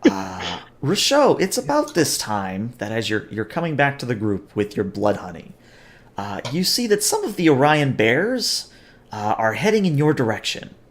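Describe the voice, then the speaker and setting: A man narrating a tabletop game as game master, relaxed, with frequent fillers. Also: mid-range voice, moderate pace.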